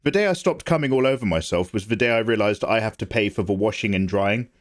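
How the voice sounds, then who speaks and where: A man with a fairly low voice talks fast on his art livestream, worn out but animated. Chatting casually, he cracks jokes, reads viewer names aloud and replies to what the chat says.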